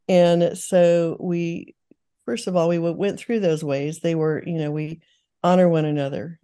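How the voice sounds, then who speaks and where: A woman's voice: lowish voice, warm tone. An older woman, a guest author, giving earnest, teaching answers in an interview, with frequent restarts.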